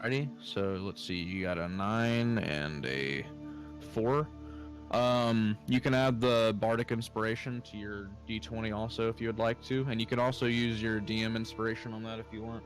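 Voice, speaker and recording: Man, game master, relaxed narration, lots of ums, tabletop game. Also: on the low side, normal speed, soft background music. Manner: easygoing, many fillers.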